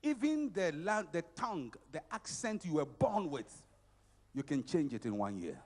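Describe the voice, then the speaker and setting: Man, middle-aged, motivational sermon, emphatic, repetitive, high pitch. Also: sing-song, normal speed. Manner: emphatic and repetitive, swinging from shouts to quiet. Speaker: conference preacher.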